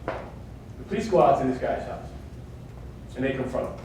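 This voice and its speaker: A man's voice: mid-range voice, animated, moderate pace, pauses often, noisy background. A man giving a live security workshop, emphatic and often asking his audience questions. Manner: emphatic, keeps checking in with "right?". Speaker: workshop speaker on workplace security. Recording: echoey hall, mic far off.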